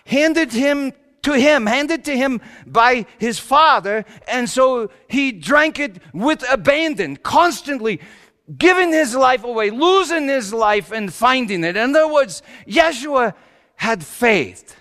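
Brief: man as Joseph, humble carpenter father; folksy, chuckling storyteller, high pitch, reverberant hall. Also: expressive, slow, bright, forceful tone, exaggerated voice. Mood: reflective. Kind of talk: first-person dramatic monologue.

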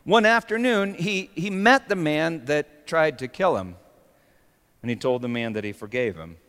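A man preaching a sermon with dramatic swings between hushed storytelling and sudden shouts. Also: fairly high pitch, expressive, moderate pace, smooth. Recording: long reverb of a large hall.

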